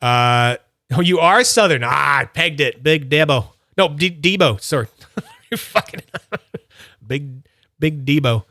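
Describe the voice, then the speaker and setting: A man's voice: a little high, expressive, slow pace, pushed and bright, dry recording. Chatty man explaining a hands-on demo. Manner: chatty, explains each step aloud. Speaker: fidget toy streamer. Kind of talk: casual live demo talking to chat.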